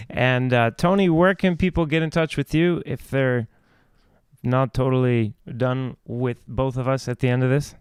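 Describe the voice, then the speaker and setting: Smooth-voiced rambling man hosting. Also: mid-range voice, fairly even intonation, measured pace, no room sound, clean studio sound. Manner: rambling, restarts thoughts, laughs often. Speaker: host. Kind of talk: casual video chat about singing.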